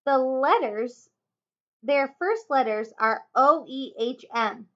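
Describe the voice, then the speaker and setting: A woman's voice: sits high, lively intonation, takes it slowly. Woman doing a worried, stammering young boy. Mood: anxious. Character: anxious young boy, bookish and careful. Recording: dull lo-fi home recording.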